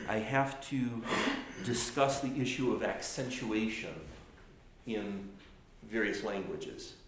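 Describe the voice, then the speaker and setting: A man teaching a class on chant, explaining step by step with frequent restarts and sung or spoken examples. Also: on the low side. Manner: explanatory, halting with restarts, demonstrates phrases by singing and speaking. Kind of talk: classroom lecture. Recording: very echoey room with faint noise.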